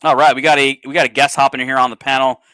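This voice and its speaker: A man's voice: medium pitch, level tone, racing, bright, forceful tone, smooth, no echo. A man hosting a casual livestream chat, rambling with many fillers. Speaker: livestream host.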